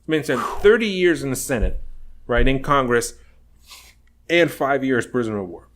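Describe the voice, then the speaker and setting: A man's voice: mid-range voice, big pitch swings, moderate pace, a bit bright. A man co-hosting a casual political chat podcast, emphatic and heavy on "you know". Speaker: podcast co-host.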